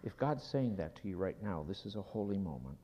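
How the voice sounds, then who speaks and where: A man preaching a sermon, telling a personal story slowly and dropping at times to a hushed whisper before leading a prayer. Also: low-pitched, big pitch swings. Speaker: pastor. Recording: dull sound in a hall with long reverb.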